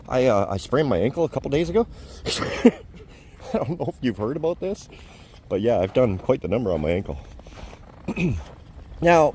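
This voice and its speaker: A man's voice: on the low side, darkish tone, slight background noise. Chatty middle-aged man vlogging outdoors. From Canada. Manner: chatty and self-deprecating, often chuckling. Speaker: travel vlogger. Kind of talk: casual vlog walk-and-talk. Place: outdoors at a fish hatchery, cold wind.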